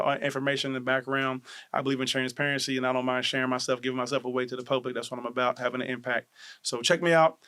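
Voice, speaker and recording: A man closing out his show in a relaxed, low-key way, with plenty of fillers. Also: smooth. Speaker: show host. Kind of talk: casual sign-off to viewers.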